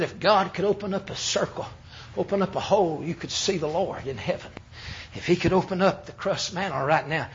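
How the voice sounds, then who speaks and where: Male preacher, emphatic sermon, slightly high voice, muffled lo-fi audio. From United States. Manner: emphatic pulpit delivery, swinging between loud and hushed. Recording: dull lo-fi sermon recording.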